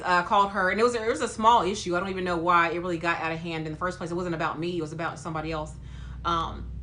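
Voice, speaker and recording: Bright, emphatic woman nurse host. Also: lowish voice, a little hiss or hum. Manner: lively, emphatic, talks straight to viewers. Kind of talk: casual talk to camera.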